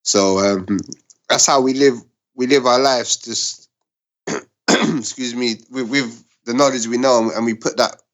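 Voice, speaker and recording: A man who co-owns a restaurant, answering interview questions in an earnest, halting way with many restarts. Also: medium pitch, fairly even intonation, a bit bright. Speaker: restaurant co-owner, guest.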